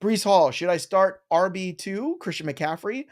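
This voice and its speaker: A man's voice: sits high, lively intonation, unhurried. A man hosting a live stream Q&A, reading viewer questions with playful, joking banter.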